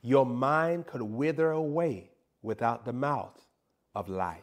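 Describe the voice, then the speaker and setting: A man's voice: medium pitch, slow. A man preaching a sermon in a comedic, playful way, teasing and mock-scolding his listeners.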